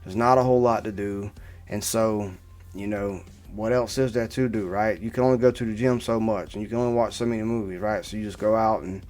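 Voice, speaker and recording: A man's voice: on the low side, fairly even intonation, fairly quick, a little mellow. A man in his thirties talking casually to camera, rambling through a personal story with many restarts and asides. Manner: rambling, repeats "right?" and restarts. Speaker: vlogger.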